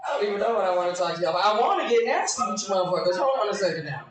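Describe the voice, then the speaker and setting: A woman's voice: mid-range voice, lively intonation, rapid-fire. A woman in her forties doing brash, profane stand-up with crowd work, laughing at her own jokes in a small live comedy room. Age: 40s. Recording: echoey room from far off, faint noise.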